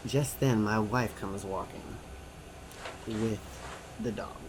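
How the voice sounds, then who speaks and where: A man voicing a signed personal story as an interpreter, animated and acting out the quotes and sounds. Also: lowish voice, slow, background noise. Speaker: sign-to-voice interpreter.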